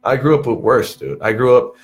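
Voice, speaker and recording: A young man in his twenties from Texas chats casually as a podcast guest. He tells stories in an animated way, swears freely and tosses in "dude" at every turn, and his voice sits at an ordinary pitch for a man. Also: brisk. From Texas, USA. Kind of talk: casual chat.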